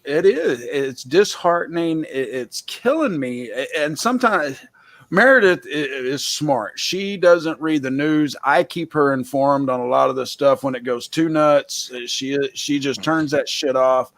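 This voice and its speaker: A man's voice: a little high, lively intonation, a little slow, a bit bright, dry recording. A man hosting a casual chat who rants bluntly and swears freely. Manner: blunt, profane, heated ranting. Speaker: host.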